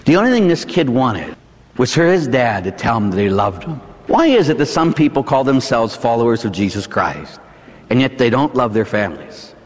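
A male Catholic priest with a Pittsburgh accent preaches in a conversational, folksy style, tossing in tag questions as he talks. His pitch swings widely and lively. The sound carries a long church reverb. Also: normal speed. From Pittsburgh, United States. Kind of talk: sermon.

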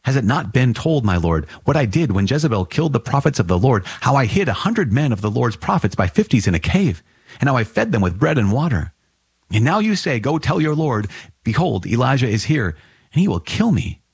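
A man's voice: sing-song, fairly quick, breathy edge, dry recording, exaggerated voice. A man reading scripture aloud, voicing a frightened male royal steward in a pleading, raised voice. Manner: anxious, pleading, higher-pitched delivery.

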